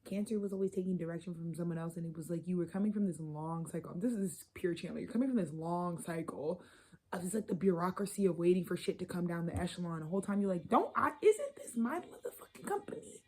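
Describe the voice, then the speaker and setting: A woman giving a casual, channeled tarot reading to her viewers. She talks in a loose, profane, animated way. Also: on the low side, fast talker. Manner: loose, profane, animated, slipping into quoted voices. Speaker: tarot reader.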